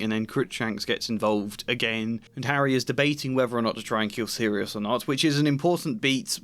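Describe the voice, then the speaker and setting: A man's voice: medium pitch, a bit bright. A man giving analytical book-critique commentary as a video essayist, mildly exasperated.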